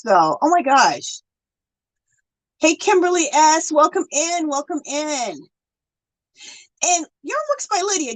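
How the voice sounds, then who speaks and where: A woman's voice: high voice, sing-song, measured pace, pauses often, low-quality recording. A woman hosting a casual craft livestream, chatting with viewers and gushing with thanks. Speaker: livestream host.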